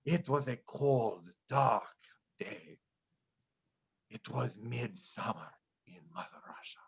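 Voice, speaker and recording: A man voicing a dramatic female Hungarian storyteller with a solemn, drawn-out delivery. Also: medium pitch, gravelly, husky, full character voice. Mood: mock-solemn.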